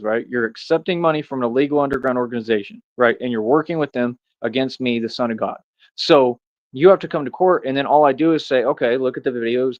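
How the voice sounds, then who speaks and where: A man rants straight at his audience, hammering the same rhetorical questions again and again. His voice sits at an ordinary pitch. The recording is dry and a little muffled. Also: no room sound. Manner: confrontational, repetitive, drawn-out rhetorical questions. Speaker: streamer. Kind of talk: ranting monologue to camera.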